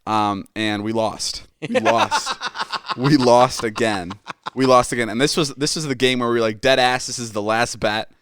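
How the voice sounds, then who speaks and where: A man in his twenties tells a story on his podcast with energy, swearing freely and playing out his friends' lines. His voice is smooth and resonant, and the recording is close and dry. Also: mid-range voice, normal speed, no echo. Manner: animated and profane, acts out friends' lines. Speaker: podcast host. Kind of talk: casual storytelling.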